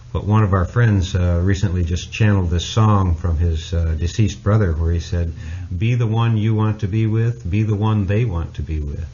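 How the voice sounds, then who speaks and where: A man's voice: low-pitched, mellow, dull audio, slight background noise. A man hosting a podcast, speaking in an easygoing, reflective way with frequent hesitations. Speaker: podcast host. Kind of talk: casual podcast conversation.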